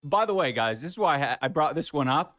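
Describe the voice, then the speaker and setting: A man's voice: a little high, animated, fairly quick, fairly bright tone. A man ranting indignantly and profanely in a podcast clip, emphatic and swearing. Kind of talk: heated podcast rant.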